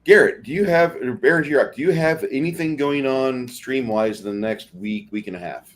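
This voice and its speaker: A man's voice: mid-range voice, moderate pace, a little hiss or hum. A man hosting a casual livestream chat, talking in a rambling, chatty way with many restarts. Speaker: stream host.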